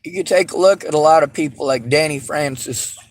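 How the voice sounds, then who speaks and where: Bitter man ranting on camera, higher-pitched voice, lots of swearing. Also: a little fast. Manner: bitter, heavy swearing, rising to shouts. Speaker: vlogger. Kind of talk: angry monologue to camera.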